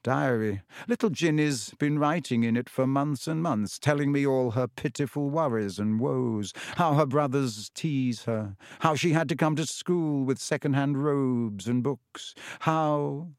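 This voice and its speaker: A man voicing a sinister young man who speaks quietly, calmly and with smug menace. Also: mid-range voice, a little slow, few pauses, no echo, clean studio sound, lightly acted. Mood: mocking. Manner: quiet, calm, smoothly menacing.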